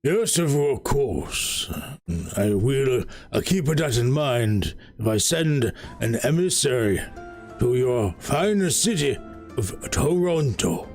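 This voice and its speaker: A man voicing a grandiose male cat lord who rules a city, speaking slowly and theatrically. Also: medium pitch, very animated, darkish tone, soft background music, heavily acted. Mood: lordly. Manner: slow, lordly, theatrical.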